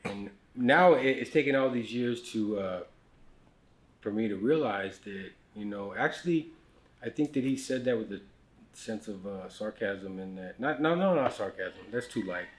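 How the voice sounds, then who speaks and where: A man's voice: fairly low pitch, expressive, moderate pace. Candid man telling stories, casual. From United States. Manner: candid, frequent fillers and restarts, drops to quiet asides. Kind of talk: casual storytelling conversation.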